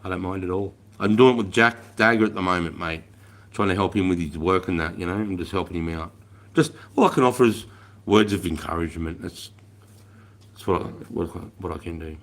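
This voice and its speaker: A very deep-voiced Australian man in his forties hosting a casual livestream. He rambles, swears freely and calls everyone mate. His sentences often trail off into a quieter mutter. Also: brisk. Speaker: livestream host.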